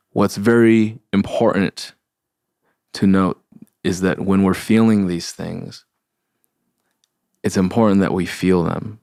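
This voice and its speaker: A young man hosting a solo podcast, talking slowly and haltingly about grief, searching for words with many pauses and fillers. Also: low voice, creaky, a little mellow, dry recording, clean studio sound. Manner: sincere, open about grief. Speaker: podcast host. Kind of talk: reflective solo podcast talk.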